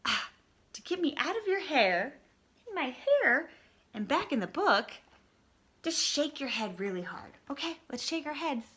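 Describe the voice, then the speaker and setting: A woman leading a toddler story time, reading an interactive book aloud and singing simple songs while coaxing the children to join in. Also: high voice. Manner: bright, slow and animated, singing and coaxing small children. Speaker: children's librarian.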